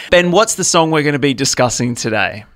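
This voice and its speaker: Lively male host. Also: medium pitch, normal speed. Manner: enthusiastic, brief reactions and questions.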